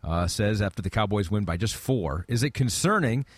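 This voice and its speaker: Sports host dude, bouncy up and down voice, upbeat, dry mic sound. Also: male voice, on the low side, animated, normal speed, no room sound. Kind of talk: casual sports talk.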